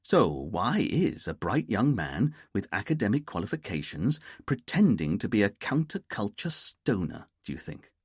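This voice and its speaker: Storybook figure: a pompous, fussy middle-aged detective inspector, read by a male narrator. He talks precisely and stiffly in a low, husky voice with lively pitch, recorded dry and close. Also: moderate pace, few pauses, no room sound, full character voice.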